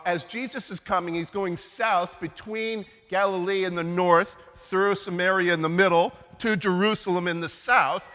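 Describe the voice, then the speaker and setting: A man with a high, bright voice preaches at an unhurried pace, talking easily to his congregation and often tagging his points with "right?". His voice rings out with the long reverb of a church sanctuary. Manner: conversational, keeps adding "right?". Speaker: priest. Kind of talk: sermon.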